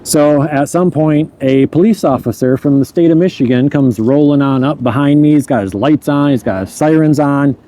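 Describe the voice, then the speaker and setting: Man in a casual spoken story, warm and mellow tone, pitched a little high, laughs at himself, trips over words. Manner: chuckles at his own mishaps, repeats words in rushes.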